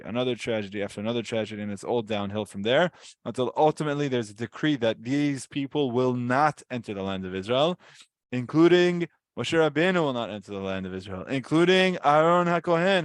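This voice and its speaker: A man at mid pitch talks through a weekly Torah portion in a casual, storytelling way. He gets animated and slips into the voices of the people in the story. The sound is dry and close, with no room echo. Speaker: Torah teacher.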